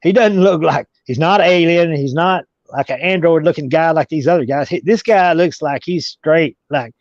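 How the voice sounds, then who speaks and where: A man's voice: on the high side, moderate pace, no echo. A man telling a long story as an interview guest, rambling with many restarts. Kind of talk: casual storytelling. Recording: dull lo-fi recording.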